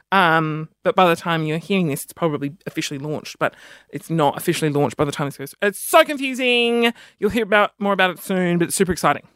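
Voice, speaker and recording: A male podcast host rambles through a solo chat with a fairly high, somewhat bright voice on a dry close mic. He's self-deprecating, tosses in quick asides, and sniffs audibly between phrases.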